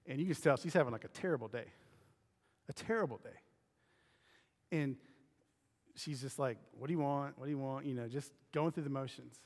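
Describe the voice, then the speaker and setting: A man's voice: fairly high pitch, long reverb tail. Man preaching a casual sermon. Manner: conversational preaching, asks the crowd questions. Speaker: pastor.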